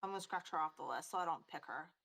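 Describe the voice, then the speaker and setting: A woman taking part in a live-streamed draft, chatting casually and making quick asides. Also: sits low, vocal fry, a bit bright.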